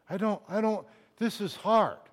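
A middle-aged man preaching a sermon, moving between quiet confiding talk and loud impassioned bursts, emotional at times. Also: high voice, takes it slowly. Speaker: pastor.

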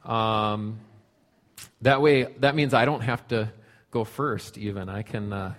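A man's voice: fairly low pitch, slow pace, a bit bright. A man leading a church group in a loose, informal way with some fillers, handing the mic to the next speaker. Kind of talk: casual group facilitation.

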